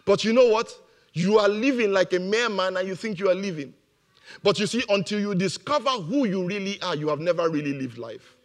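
High-voiced emphatic male preacher. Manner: emphatic, repeats key phrases, laughs at own jokes. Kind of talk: motivational sermon.

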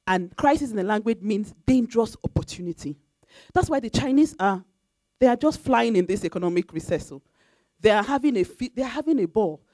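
A woman preaches in church with emphatic, repeated lines. Now and then she breaks into a sung phrase. The sound is dry and close, with her voice at a middle pitch. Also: warm tone, dry recording. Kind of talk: sermon.

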